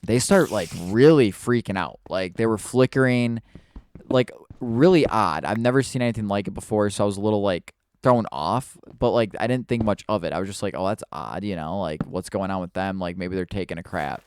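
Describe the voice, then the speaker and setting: A man tells a creepy personal story as a casual storytime, half-distracted by the video game he is playing. His voice sits a little low and sounds smooth and clear. He rambles and stumbles, full of restarts and filler words. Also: expressive, a little fast, darkish tone.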